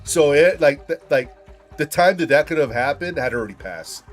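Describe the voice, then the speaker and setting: Streaming a game over soft background music, a young man tells a rambling, profane story, constantly saying "dude" and "like." His voice is on the high side and expressive, at a moderate pace.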